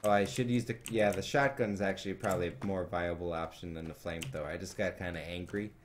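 A young man streaming a video game live, talking to viewers and cursing loudly at enemies as he plays. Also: sits low, fairly even intonation, quick pace, a little hiss or hum. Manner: frustrated, swearing, yelling in bursts at the game. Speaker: let's play streamer. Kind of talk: live gameplay commentary.

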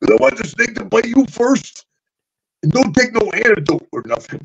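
A man putting on an impression of an intense male wrestling star, drawling high growls and stretching out his words. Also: expressive, moderate pace, creaky, slightly rough, full character voice. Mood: insistent. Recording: dull lo-fi audio.

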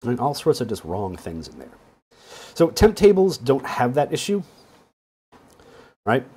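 Lively casual man teaching databases. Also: mid-range voice, measured pace, breathy edge. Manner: casual and wry, with a frequent "right?". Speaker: database instructor. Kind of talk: screen-share teaching walkthrough.

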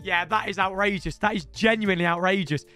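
A young man, reacting excitedly to footage of his own football match and breaking into loud play-by-play. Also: high voice, a little fast, soft background music. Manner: animated, bursts into shouts of play-by-play.

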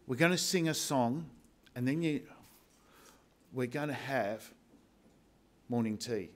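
Slow, emphatic male preacher. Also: mid-range voice. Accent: Australian. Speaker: pastor. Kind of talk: sermon.

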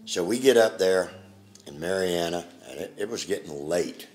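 An older man recounting his memories in an interview, plain-spoken and halting, with pauses and restarts. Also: sits low, darkish tone, faint music behind.

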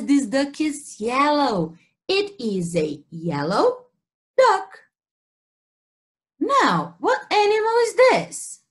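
A woman's voice: high-pitched, fairly bright tone. A woman English teacher with a Brazilian Portuguese accent, leading a children's story time and asking simple questions about animals and colors. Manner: slow, exaggerated sing-song questioning for kids.

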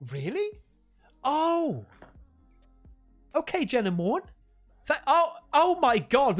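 A man live-streaming, excitedly thanking donors by name and unboxing gifts, swearing freely. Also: very high-pitched, slow, pauses often, soft background music. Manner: excitable, sweary, calls everyone mate. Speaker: livestreamer.

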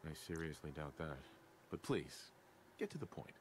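A man's voice: very deep voice, sing-song, moderate pace, slightly rough, heavily acted. An actor voicing a blunt, skeptical male player character in a video game, questioning a job applicant. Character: blunt skeptical male survivor, interviewing hires.

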